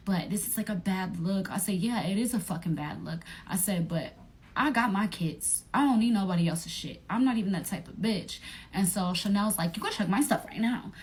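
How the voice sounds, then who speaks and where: A young woman, telling a profane storytime vlog in an animated way and acting out her friends' voices. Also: medium pitch. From Atlanta area, United States.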